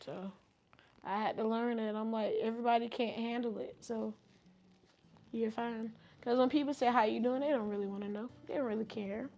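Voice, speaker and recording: A woman's voice: on the high side, fairly even intonation, moderate pace, dark tone, highs cut off. A young woman gives a personal testimony in an interview, close to tears, stressing her points and repeating them. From Georgia, US. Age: young adult.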